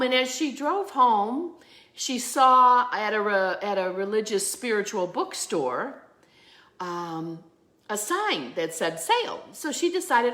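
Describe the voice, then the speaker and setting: A woman minister giving a sermon, telling a story with animation and acting out the voices in it. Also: mid-range voice. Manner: drops to a soft hush at the close.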